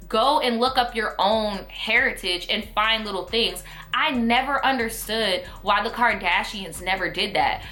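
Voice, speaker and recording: A woman's voice: on the high side, pushed and bright. A young woman from New York, a vlogger ranting casually to camera, blunt, sassy and full of profanity. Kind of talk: casual opinion rant to camera.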